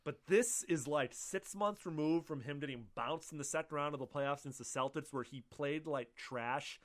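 A man co-hosting a casual podcast, talking animatedly and swearing often, slipping into quoted voices. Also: a little high. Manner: animated, profane, quick to quote others in put-on voices. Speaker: podcast co-host. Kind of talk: casual chat.

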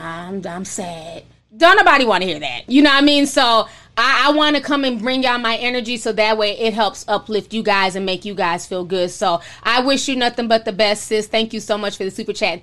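A woman's voice: sits high, fairly bright tone. A young woman hosting a casual livestream, reading viewer messages aloud and chatting frankly with some profanity. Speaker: livestream host.

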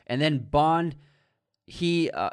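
A man's voice: a little high, animated, slow, clear, resonant tone, dry recording, studio quality. A man co-hosting a podcast, casually recapping a film's plot with frequent fillers. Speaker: podcast co-host. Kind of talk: casual film review chat.

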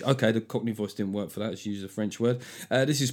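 A man's voice: lowish voice, fast talker. Middle-aged male comic as a solo podcast host, loose, sweary, jokey, talking straight into the mic. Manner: sweary, jokey, throws in voices for effect.

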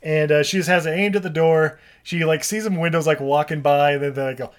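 A man's voice: fairly high pitch, fairly quick, hardly any pauses. A man co-hosting a podcast, recapping a movie in casual chat, laughing often and acting out lines in silly voices. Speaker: podcast co-host.

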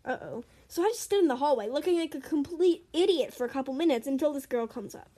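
This young storyteller reads her own stories fast and animatedly in a high, mellow voice. She keeps it chatty and pauses for giggly asides.

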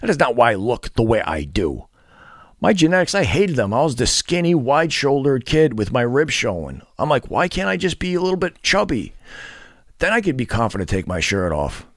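A man's voice: medium pitch, big pitch swings, brisk, no echo, studio quality. A man ranting bluntly to camera as a fitness and dating vlogger, profane, scornful and lecturing.

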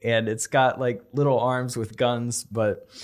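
A young man telling a comedic movie pitch on a podcast, laughing often and acting out the characters' lines. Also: level tone, a little slow, slight background noise. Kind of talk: casual comedic storytelling.

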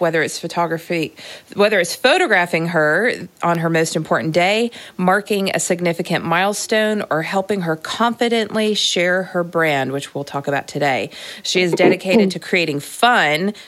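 A woman hosting a podcast interview, gushing with praise as she introduces her guest and asks questions. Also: fairly low pitch. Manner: warm, gushing, reads an introduction with emphasis. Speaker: podcast host.

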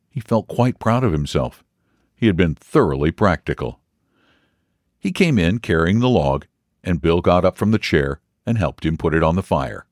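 A man reading a story aloud as narrator, measured and expressive. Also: low-pitched, dry recording, studio quality. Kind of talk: audiobook reading.

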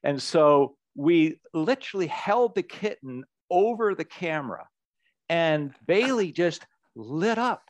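Man, political ad maker as interview guest, animated storyteller, dry close sound. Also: on the high side, takes it slowly, no room sound. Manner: animated storyteller who repeats words as he goes.

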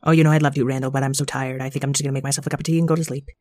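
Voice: mid-range voice, level tone, darkish tone, no echo, lightly acted. A performer voicing a weary but doting mother who brushes off her kids' worries. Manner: fond, brisk, dismissive. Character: tired, doting mother in denial.

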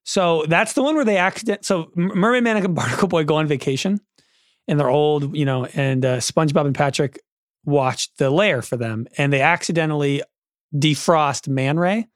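A man's voice: fairly high pitch, normal speed, no room sound, clean studio sound. A man in his twenties co-hosting a podcast in casual chat, who talks with enthusiasm and acts out scenes as he retells them. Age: 20s. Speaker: podcast co-host.

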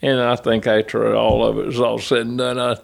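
A man's voice: medium pitch, fairly quick, creaky. An older man, a former crew chief telling folksy stories in an interview. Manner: folksy, animated yarn-spinning with acted quotes. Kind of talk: storytelling interview.

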